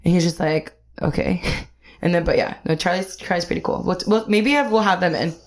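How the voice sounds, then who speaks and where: A woman's voice: on the low side, brisk. A young woman hosting a casual podcast chat, teasing her guest and laughing often. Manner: giggly, teasing. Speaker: podcast host.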